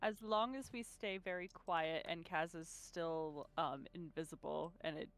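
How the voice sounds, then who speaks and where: A woman's voice: deep voice, measured pace. Woman, tabletop player, casual chat, rules questions. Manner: chatty, asks rules questions.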